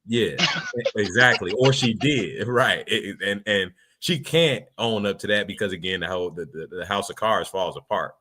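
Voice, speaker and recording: Man, low voice with a bright push, blunt and profane casual co-host. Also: normal speed. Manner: blunt, profane, emphatic with sudden laughs. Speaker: podcast co-host. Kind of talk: casual chat.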